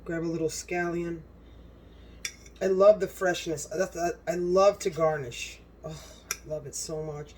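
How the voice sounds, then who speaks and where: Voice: medium pitch, steady tone, unhurried, darkish tone, far from the mic, slight background noise. A cooking channel host in a home kitchen, gushing and exclaiming as they talk straight to viewers while tasting the food.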